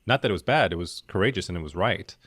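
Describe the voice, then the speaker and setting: A man co-hosting a podcast in a casual chat, soft-spoken and supportive. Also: low voice, lively intonation, quick pace, dry recording, clean studio sound. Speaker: podcast co-host.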